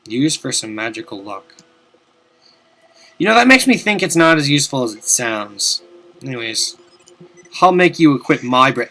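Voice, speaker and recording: Bright-voiced young man rambling over gameplay. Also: medium pitch, very animated, a little fast, pauses often, husky. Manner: rambling, swears casually, loud outbursts at the game. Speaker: let's play commentator. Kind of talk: casual gameplay commentary. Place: home room at his desk.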